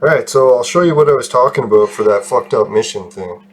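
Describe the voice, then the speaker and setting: A man's voice: mid-range voice, fast talker, slight background noise. A man casually commenting on his own gameplay, rambling, laughing often and swearing. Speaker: gaming video host.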